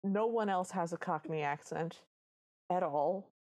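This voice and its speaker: Lower-pitched woman co-host, casual and wry, quick funny asides. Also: darkish tone. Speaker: podcast co-host. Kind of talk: casual recap chat.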